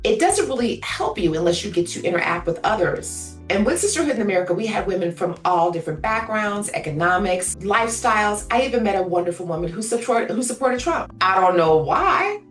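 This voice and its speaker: A woman's voice: mid-range voice, animated, a little fast, hardly any pauses, reverberant, far from the mic, faint music behind. A woman speaking as a guest actress in an interview, emphatic and outspoken, sometimes acting out voices. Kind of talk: animated interview talk.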